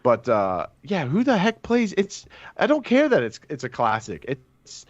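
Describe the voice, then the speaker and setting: A man's voice: a little high, wildly swooping pitch, a little slow, no echo, lo-fi sound. A man co-hosting a gaming podcast, tossing out playful, opinionated hot takes. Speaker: podcast co-host. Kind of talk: casual podcast chat.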